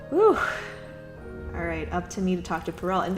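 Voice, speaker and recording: A woman's voice: lowish voice, sing-song, moderate pace, pauses often. A woman hosting a let's play, reading a visual novel aloud with amused asides. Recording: echoey room with music.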